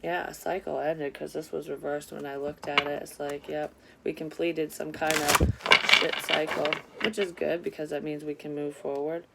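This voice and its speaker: A woman, a psychic reader telling a story in a casual tarot vlog, candid and quick to swear. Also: sits low, little pitch movement, creaky, heavy background noise.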